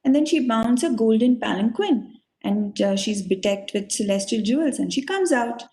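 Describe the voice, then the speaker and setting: A woman's voice: a little high, expressive, normal speed, darkish tone, poor audio. A woman teacher telling a sacred story to a children's class, earnest and full of fillers. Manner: earnest, with many fillers and restarts.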